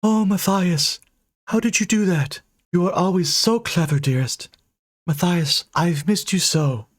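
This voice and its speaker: A man's voice: high-pitched, a little slow, voice pushed up. A man voicing a lovesick female ghost who speaks in a doting, swooning way. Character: lovesick female ghost, booming, turns vengeful.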